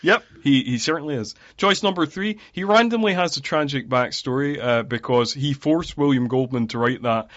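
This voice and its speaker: A man's voice: mid-range voice, normal speed, hardly any pauses, fairly bright tone, no room sound. A man co-hosting a casual podcast about a film, rambling with lots of fillers. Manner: rambling with many fillers and laughs. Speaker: podcast co-host. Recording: dry, dull lo-fi audio.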